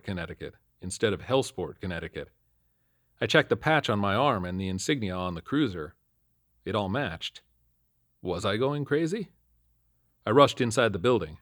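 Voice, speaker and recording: A man's voice: fairly low pitch, animated, moderate pace, a bit bright, no echo, studio quality. A man narrating a first-person supernatural cop story in an earnest, matter-of-fact way.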